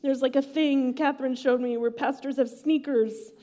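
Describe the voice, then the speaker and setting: A woman's voice: sits high, fairly even intonation, normal speed, warm tone. A woman preaching a sermon in a casual, chatty way, using slang and asides. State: emotional, near tears. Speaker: pastor.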